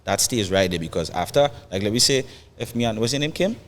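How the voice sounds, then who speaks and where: A man's voice: lowish voice, lively intonation, quick pace, in a large hall, slight background noise. A man with a Trinidadian accent talking as a guest musician in a casual chat, emphatic and repeating phrases.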